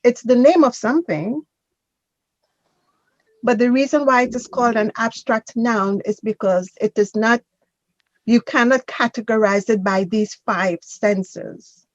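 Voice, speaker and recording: A woman's voice: on the high side, a little slow, no room sound, lo-fi sound. A woman teaching a grammar class, patiently correcting a student and drilling pronunciation. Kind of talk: online class instruction.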